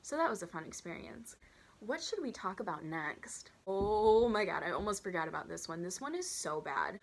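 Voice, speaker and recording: Woman vlogger, slightly low voice, animated storytime delivery, incredulous and dramatic. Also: brisk, slightly rough. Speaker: vlogger telling stories from her waitressing days. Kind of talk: storytime vlog.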